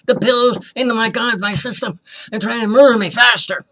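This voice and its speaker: A man's voice: extremely high pitch, normal speed, bright, forceful tone. A man telling his own story as a former hospital patient, impassioned and accusing, often repeating himself and acting out the voices of people he quotes. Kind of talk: personal testimony, storytelling.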